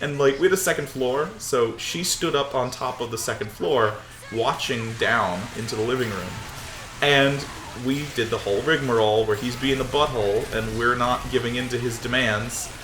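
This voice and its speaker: A man's voice: mid-range voice, moderate pace, reverberant, background noise. A young man co-hosting a gaming video, rambling through a funny story and laughing often. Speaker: co-host of a gaming channel. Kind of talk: casual chat over gameplay.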